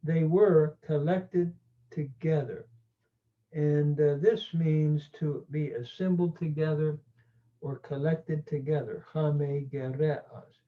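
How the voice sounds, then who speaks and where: A man teaching a grammar lesson slowly and deliberately, with frequent pauses and fillers. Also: on the high side, steady tone. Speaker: Greek teacher. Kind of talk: grammar lecture. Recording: tinny phone-like audio.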